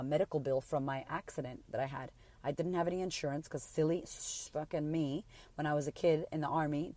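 A woman's voice: deep voice, warm tone, a little hiss or hum. A woman in her thirties hosting a podcast, retelling a painful personal story in a raw, emotional way with frequent swearing. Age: 30s. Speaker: podcast host.

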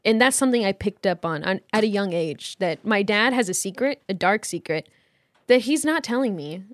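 A woman's voice: mid-range voice, expressive, moderate pace, no echo. A young woman co-hosting a podcast, telling a story animatedly in casual chat, swearing and laughing now and then. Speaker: podcast co-host.

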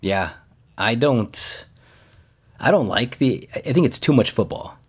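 A man's voice: mid-range voice, expressive, measured pace, slightly rough. A man co-hosting a casual podcast, reading a list aloud and joking and laughing as he goes. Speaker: podcast co-host. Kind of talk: casual chat.

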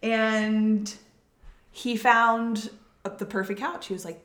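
A woman's voice: on the high side, steady tone, takes it slowly, a bit bright. A woman with a Southern US accent hosting a podcast, telling a story in a chatty, giggly way and stumbling over names. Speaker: podcast host. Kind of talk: casual storytelling chat. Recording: echoey room.

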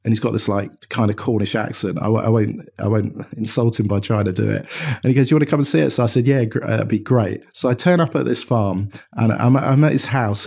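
Chatty Englishman with a mellow voice. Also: lowish voice. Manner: chatty, animated anecdotes with frequent restarts. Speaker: watch company co-founder, guest. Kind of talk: casual storytelling interview.

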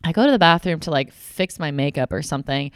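A woman's voice: low voice, fast talker, dry recording, studio quality. A young adult woman co-hosting a casual chat, telling a long story with lots of swearing and acted-out quotes. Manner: animated, swears freely, acts out quoted voices. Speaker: podcast co-host.

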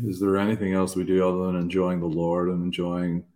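Male podcast co-host, deep and even, wry and self-mocking, sincere underneath. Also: a little fast. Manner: jokey and self-deprecating, then earnest. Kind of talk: casual faith conversation.

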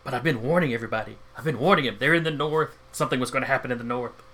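A man voicing an agitated male vampire who insists urgently, quick and soft. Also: medium pitch. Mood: fretful.

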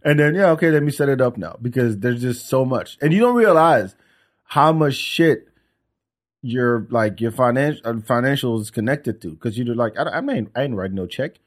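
A man's voice: mid-range voice, normal speed. Casual male podcast host. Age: adult with young son. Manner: animated storyteller, acts out calls. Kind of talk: casual chat.

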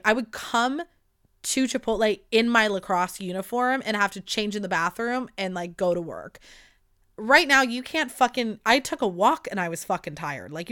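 A woman in her twenties telling a rambling, animated story in a casual monologue, swearing freely. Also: medium pitch. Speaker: podcast host.

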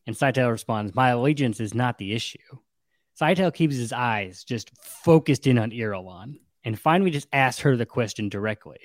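Animated man retelling a story, dry sound. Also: mid-range voice, normal speed, no echo. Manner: animated, acts out quotes with shifts in voice. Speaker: podcast co-host recapping a novel. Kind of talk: casual chat, retelling a story.

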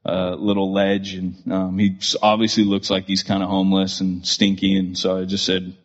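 Brief: male podcast host, husky, animated storyteller, dull lo-fi recording. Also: low voice, normal speed. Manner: animated, many fillers and restarts.

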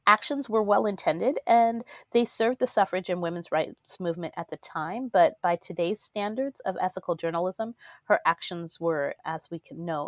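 Low-voiced woman co-host on a dry mic. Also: no echo. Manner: reads notes aloud with frequent ums. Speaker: podcast co-host. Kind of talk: casual chat with read-out history notes.

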